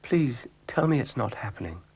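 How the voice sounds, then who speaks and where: A man's voice: mid-range voice, big pitch swings, moderate pace, vocal fry, darkish tone, slightly rough, full character voice. A man voicing a grumpy, sardonic male dog who grumbles dry, weary quips.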